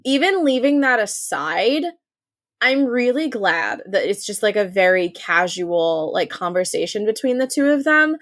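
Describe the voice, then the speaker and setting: A woman co-hosting a podcast in casual chat, heavy on fillers and quick agreeing murmurs, swearing now and then. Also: medium pitch, very animated, fairly bright tone, dry recording, clean studio sound. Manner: lots of filler words and affirming murmurs, occasional swearing. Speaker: podcast co-host. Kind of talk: casual chat recapping a TV episode.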